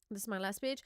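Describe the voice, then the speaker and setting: A woman hosting a casual reaction chat, excitable, swearing freely and laughing often. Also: medium pitch, no echo, clean studio sound. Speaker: host.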